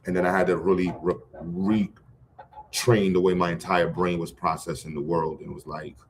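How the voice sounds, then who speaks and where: A man's voice: sits low, little pitch movement, moderate pace, slight background noise. A middle-aged man, talking casually and loosely in slang, full of restarts, as a guest on a livestream. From Brooklyn, New York. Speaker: guest, educator running a program.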